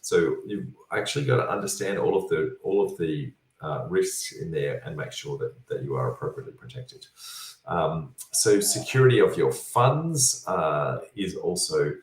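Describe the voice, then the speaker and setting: A tired man with a very low voice works through viewer questions point by point, padding his teaching with fillers and calling his listeners folks. He sits a little back from the mic in a roomy, echoing space. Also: expressive, normal speed, distant mic. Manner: instructive, repeats points, many fillers. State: tired, yawning. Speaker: property development educator answering viewer questions. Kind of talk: online Q&A session.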